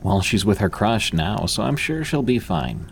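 A man voicing a snarky, fierce teenage girl with a sharp, cutting way of talking. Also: fairly low pitch, very animated, normal speed, gravelly, a little hiss or hum.

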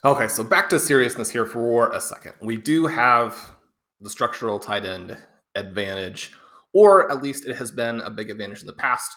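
Bright-voiced male podcast co-host. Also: mid-range voice, animated, moderate pace. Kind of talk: casual podcast chat.

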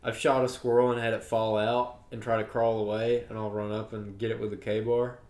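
A man's voice: fairly low pitch, little pitch movement, fairly quick, darkish tone, roomy sound. A young man co-hosting a hunting podcast, telling stories in an easygoing, matter-of-fact way. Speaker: podcast co-host. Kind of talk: casual chat.

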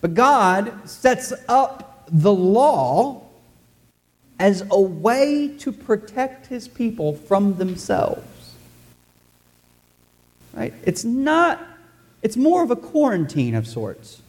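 In a church, a pastor speaks in a high, slightly mellow voice with big pitch swings, drawing out words and pausing often. He keeps the sermon relaxed and conversational, joking and talking directly to the congregation.

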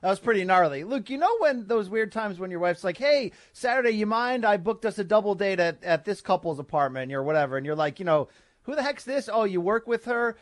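A man's voice: high voice, brisk, hardly any pauses. A man co-hosting a sports talk show, telling jokey stories and acting out voices. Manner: jokey storyteller, acts out voices. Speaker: podcast co-host. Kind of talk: casual sports chat.

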